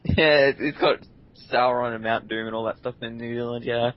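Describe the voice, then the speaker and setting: A man's voice: medium pitch, steady tone, normal speed, muffled recording. A man co-hosting a casual gaming podcast, rambling and complaining animatedly. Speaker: podcast co-host.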